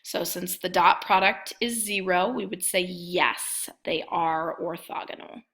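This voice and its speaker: A woman's voice: lowish voice, unhurried, gravelly, a bit bright. A woman math instructor giving a recorded lecture, methodically talking through each step as she writes it out.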